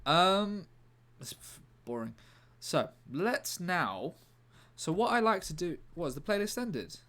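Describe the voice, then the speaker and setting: A man's voice: sits high, sing-song, slow pace, pushed and bright. Rambling British man, casual stream chat. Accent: British English. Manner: rambling, jokey, chatting to viewers. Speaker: comedian streaming a writing session.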